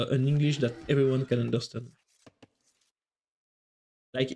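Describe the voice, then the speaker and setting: A man's voice: medium pitch, a little mellow. A man with a French accent, French his first language, doing live chatty commentary on a strategy game while answering his viewers. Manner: chatty, thinks aloud, quick reactions to the match. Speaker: esports caster and streamer.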